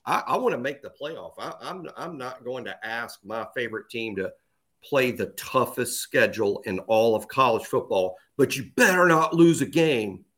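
A man's voice: mid-range voice, expressive, normal speed, a bit bright. A man co-hosting a sports podcast, talking in an opinionated, emphatic way and repeating his points for emphasis. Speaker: podcast co-host. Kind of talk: casual sports podcast chat.

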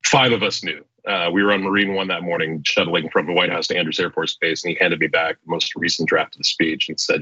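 A man, a former speechwriter, telling stories as an interview guest with fast, animated delivery and frequent restarts. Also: low voice, breathy edge, no echo, muffled recording.

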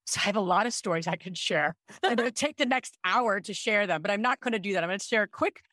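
A woman in her thirties, a podcast co-host, telling a personal story in an animated, chatty way. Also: mid-range voice, quick pace, dry recording, studio quality. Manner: animated, chatty, with frequent "like" and "I'm like". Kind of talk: casual storytelling chat.

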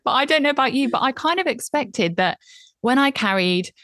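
A woman in her thirties, a podcast guest giving candid, reflective advice, animated when she recounts her own moments. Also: sits high, fairly quick, no echo, studio quality.

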